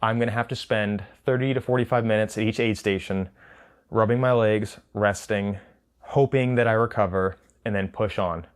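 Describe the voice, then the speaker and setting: A man's voice: lowish voice, fairly even intonation, normal speed. A man with children, recapping a hard trail race in a casual, rambling way, stumbling and restarting often and laughing between thoughts. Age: adult with children.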